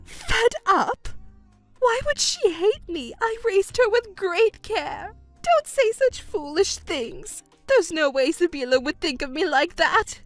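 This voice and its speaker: A woman's voice: high-pitched, normal speed, few pauses, a bit bright, soft background music. A woman voicing a scheming, self-pitying middle-aged stepmother in a texting story, wailing and stammering indignantly.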